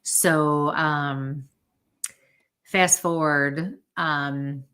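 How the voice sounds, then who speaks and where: A woman who is a medium tells a story as a guest in a podcast interview, chatting casually and acting out the lines people said. Her low-pitched voice is steady, fairly bright and clean, and she speaks very slowly.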